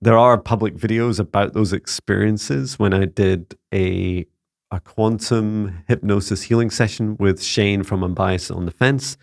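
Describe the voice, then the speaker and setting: A Scottish man with a lowish, gravelly voice answers viewer questions in a relaxed Q&A. He talks in an earnest, halting way, often restarting his phrases. The sound is close and dry. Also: dry recording. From Scotland. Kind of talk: casual spoken Q&A.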